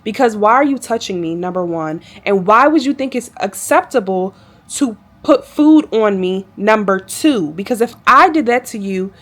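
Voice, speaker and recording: A woman in a casual vlog, recounting a day at work as a flight attendant. She talks in a chatty, animated way, with exasperated asides to her viewers, at a middle pitch.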